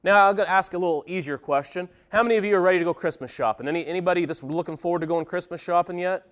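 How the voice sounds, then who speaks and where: Pastor guy, kinda high voice, chatting through his sermon and asking the church questions. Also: racing. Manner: conversational, asks the congregation reflective questions. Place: church service before a congregation.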